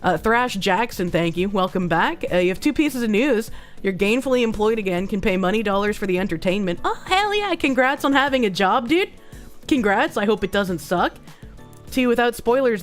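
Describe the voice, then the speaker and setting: A woman streaming live chats casually as she reads out chat and donations, her mid-range voice hoarse and sick-sounding. She rambles and swears freely.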